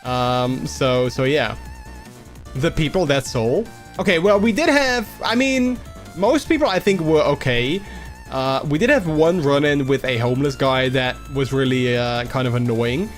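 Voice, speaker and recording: A young man hosting a casual livestream, rambling and halting with many restarts while a little under the weather. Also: medium pitch, faint music behind. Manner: acts out quoted people in a raised voice. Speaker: livestream host.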